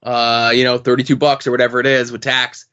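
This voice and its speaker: A man co-hosting a podcast in casual chat, telling stories in an animated, profane way. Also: mid-range voice, a little fast, smooth. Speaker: podcast co-host. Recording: dull lo-fi podcast audio.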